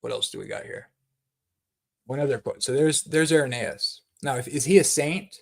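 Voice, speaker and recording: A man teaching about the Bible in a fervent, excited way, often repeating words as he goes. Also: mid-range voice. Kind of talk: passionate teaching talk.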